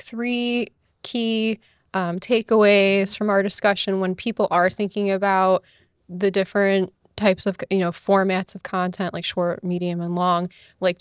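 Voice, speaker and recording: A woman co-hosts a podcast, asking questions and chatting loosely with lots of filler phrases. Her voice sits at a middle pitch and is recorded close and dry. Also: no echo. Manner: chatty, many "you know" fillers. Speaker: podcast co-host. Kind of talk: casual podcast interview.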